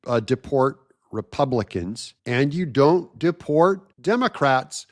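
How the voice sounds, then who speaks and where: Mocking, excitable male commentator. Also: medium pitch, slow. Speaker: political commentary host. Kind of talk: opinion commentary monologue.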